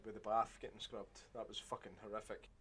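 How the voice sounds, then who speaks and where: A man co-hosting a podcast in casual chat, lively and swearing, acting out movie scenes in put-on voices. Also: fairly low pitch, fairly quick, husky. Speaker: podcast co-host.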